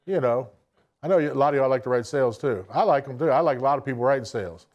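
A man's voice: medium pitch, fast, darkish tone, lo-fi sound. A man, giving a blunt, folksy motivational talk to an audience. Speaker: business speaker addressing an audience. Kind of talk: motivational speech.

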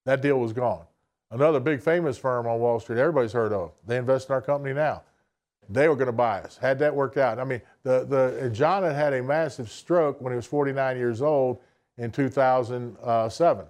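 A man's voice: mid-range voice, fairly quick, darkish tone. A man, giving a blunt, folksy motivational talk to an audience. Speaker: business speaker addressing an audience. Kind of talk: motivational speech.

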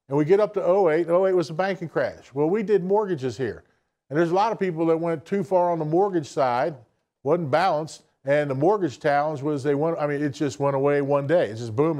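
A man's voice: on the high side, darkish tone. A man, giving a blunt, folksy motivational talk to an audience. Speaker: business speaker addressing an audience. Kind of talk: motivational speech.

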